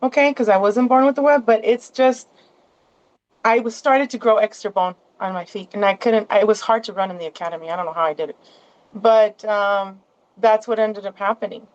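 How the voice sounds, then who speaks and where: A woman's voice: medium pitch, normal speed, dull audio. A woman as a guest in a casual interview, rambling along with many restarts and asides.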